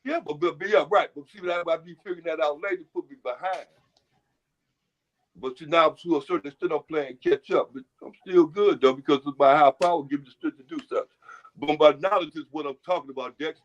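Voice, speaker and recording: A man with a fairly high voice rambles through a casual chat, looping back on his own words and dishing out folksy advice. The audio is muffled and lo-fi. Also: a little fast.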